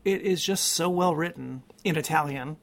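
A man co-hosting a podcast, chatting casually in a reflective way, often pausing to search for words. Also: on the high side, vocal fry. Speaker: podcast co-host. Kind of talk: casual chat.

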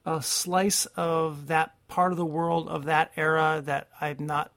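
A man co-hosting a podcast, chatting casually in a reflective way, often pausing to search for words. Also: a little high, level tone, fairly bright tone. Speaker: podcast co-host. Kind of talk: casual chat.

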